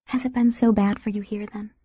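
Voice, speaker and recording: Intense secretive young woman voiced by the narrator, soft whispers turning sharp, mellow and breathy. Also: mid-range voice, fairly even intonation, a little fast, no room sound, natural voice. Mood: unhappy.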